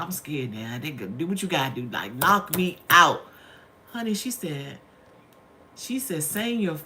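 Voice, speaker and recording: A middle-aged woman hosts a casual livestream from her home, spinning stories in a chatty manner and calling her viewers "honey" and "y'all." Her voice sits in the mid-range, with a little hiss or hum in the background.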